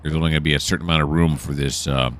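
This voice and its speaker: A man's voice: a bass voice, little pitch movement, very fast, a bit bright. A man narrating a train simulator game as he plays, thinking aloud and correcting himself. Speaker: gameplay commentator. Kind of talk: relaxed let's-play narration.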